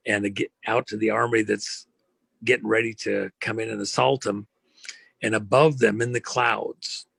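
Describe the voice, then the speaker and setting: Gravelly, emphatic man. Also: on the low side, a bit bright, no echo. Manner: emphatic, preachy, rhetorical questions. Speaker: interview guest. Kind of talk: impassioned interview talk.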